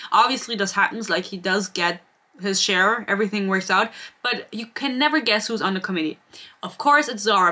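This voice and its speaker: Bright-voiced sarcastic woman reviewing books. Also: mid-range voice. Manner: sarcastic, swears freely, rambling. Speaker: book reviewer. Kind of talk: casual book review rant.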